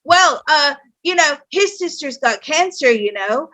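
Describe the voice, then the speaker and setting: A breezy older British mother's spirit, high-voiced and gossipy, tossing off news as if it were nothing, voiced by a woman retelling a dream. She sounds offhand and a little airy, with a bright, ringing tone. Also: lively intonation, unhurried, heavily acted.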